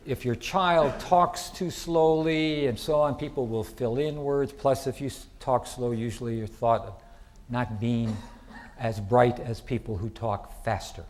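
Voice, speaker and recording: A middle-aged man giving a conference lecture in a lively, chatty way, asking the audience questions. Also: medium pitch, unhurried. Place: lecture hall.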